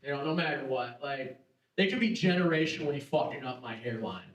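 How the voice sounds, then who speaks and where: A man's voice: mid-range voice, expressive, a little fast, far from the mic, lo-fi sound. A young man doing a stand-up comedy set on a theater stage, brash and self-mocking, swearing often. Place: theater stage before a live audience. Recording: echoey hall, mic heard from afar.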